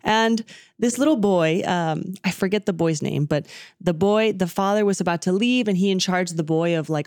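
A woman's voice: fairly low pitch, moderate pace, smooth, dry recording, clean studio sound. A woman telling a devotional story casually in a group, rambling with fillers and acting out the characters' lines. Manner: rambling, animated retelling with acted quotes and fillers.

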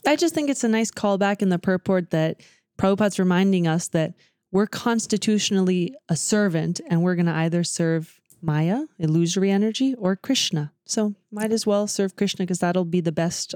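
A woman in a casual scripture study chat who speaks calmly and reflectively. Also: lowish voice, moderate pace, dry recording, clean studio sound. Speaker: discussion group member.

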